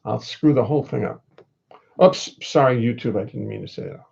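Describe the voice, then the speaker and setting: At a normal speed, an older man with a mid-range, slightly mellow voice and vocal fry hosts a livestream from his home. He chats in a rambling, casual way and wryly reads viewer comments aloud; the computer audio input yields dull lo-fi sound.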